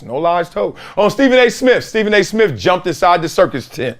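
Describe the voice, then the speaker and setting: With a high-pitched voice, this middle-aged former NFL player hosts a sports talk show and talks very animatedly, a little fast and with hardly any pauses. He tells stories emphatically, acting out the voices of the people in them.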